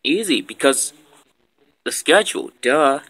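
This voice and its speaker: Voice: medium pitch, animated, measured pace, fairly bright tone. A voice for a puzzled, blunt schoolkid. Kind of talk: fan puppet comedy acting.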